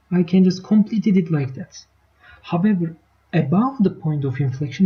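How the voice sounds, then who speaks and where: A woman's voice: on the low side, moderate pace. A woman teaching a live online math lesson, explaining step by step and checking in with her students. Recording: dull lo-fi stream audio.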